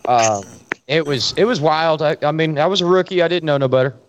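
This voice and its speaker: A man's voice: fairly high pitch, brisk, background noise. A man, a police officer, chatting casually and telling stories from his work, swearing freely. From Florida. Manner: storytelling, swears freely, relaxed drawl. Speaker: podcast co-host, police officer. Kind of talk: casual chat.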